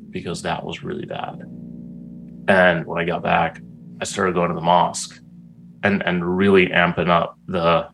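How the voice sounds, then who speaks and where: A man's voice: deep voice, a little slow, vocal fry, poor audio. A young man telling a story as an interview guest, casual and profane, with lots of "like"s. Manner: profane, animated storyteller with many "like"s.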